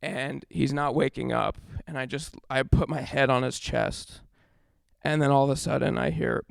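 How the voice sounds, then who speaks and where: A man's voice: mid-range voice, fairly even intonation, moderate pace, gravelly, smooth, dry recording, clean studio sound. A young adult man telling a rambling stand-up story on a comedy club stage, breaking off mid-sentence and laughing at his own jokes.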